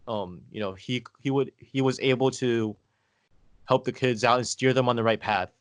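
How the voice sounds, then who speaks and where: A man from Taiwan, a guest on a podcast, telling stories in a hesitant, halting way with many fillers. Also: medium pitch, fairly even intonation, dry recording. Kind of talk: casual conversation.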